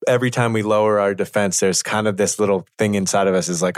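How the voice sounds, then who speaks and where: A man teaching in a reflective conversation, measured and thoughtful, pausing to find his words. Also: fairly low pitch, fairly even intonation, dry recording, clean studio sound.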